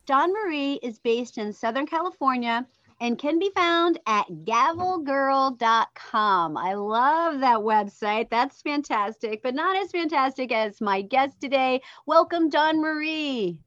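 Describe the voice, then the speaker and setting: A woman's voice: sits high, lively intonation, a little slow, fairly bright tone, no echo. A woman hosting an interview show, introducing her guest with enthusiasm. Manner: enthusiastic, upbeat. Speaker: podcast host. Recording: dull, dry lo-fi recording.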